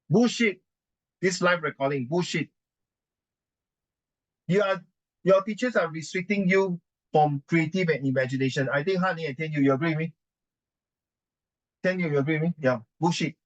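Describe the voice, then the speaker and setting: A man's voice: fairly high pitch, low-quality recording. A man with a Singaporean English accent ranting indignantly in conversation, emphatic and repetitive, slipping into Mandarin and Singlish. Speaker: adult giving writing advice.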